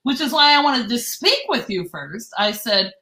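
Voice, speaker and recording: Bright high-voiced woman telling a story. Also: moderate pace, reverberant, poor audio. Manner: animated, profane, acts out quotes with voice swings. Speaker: real estate agent. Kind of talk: casual storytelling in a group chat.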